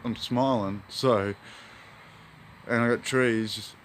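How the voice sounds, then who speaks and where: A man's voice: mid-range voice, steady tone, takes it slowly, a little hiss or hum. An Australian man, a hobby gardener, rambling in a laid-back, spiritual way while filming in his backyard garden on a phone. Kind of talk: rambling outdoor vlog.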